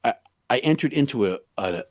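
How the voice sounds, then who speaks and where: A middle-aged man telling a personal story in an interview, talking haltingly with many restarts. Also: medium pitch, lively intonation, dry recording, clean studio sound. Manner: halting, full of restarts, acts out quoted lines loudly. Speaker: podcast guest.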